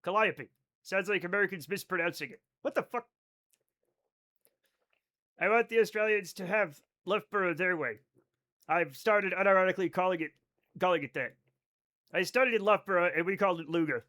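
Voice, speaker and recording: Guy streaming a game, high voice, swears a lot, reads chat out loud and jokes around. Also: normal speed, long pauses. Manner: chatty, profane, reads chat aloud and riffs on it. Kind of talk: casual live-stream chat while gaming.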